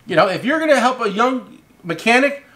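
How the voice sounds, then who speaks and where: Brief: middle-aged male host, high voice, bouncy and animated, rambling casual storyteller. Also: a little fast, noisy background. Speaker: host and tool company owner.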